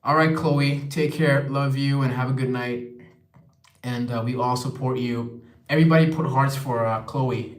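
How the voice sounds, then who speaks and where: A young man hosts a relaxed livestream, reading out viewer comments and answering them in a loose, chatty way. His voice sits in an ordinary middle pitch. The sound carries a noticeable room echo. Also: normal speed. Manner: chatty, reads viewer comments aloud and replies. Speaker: livestream host. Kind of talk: casual live-stream chat. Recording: echoey room.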